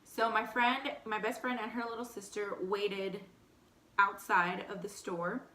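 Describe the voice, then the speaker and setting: A young woman with a light Texan accent casually telling a personal story between bites, animated and candid, full of "like". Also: medium pitch, measured pace, roomy sound. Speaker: vlogger. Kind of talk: storytime eating show chat.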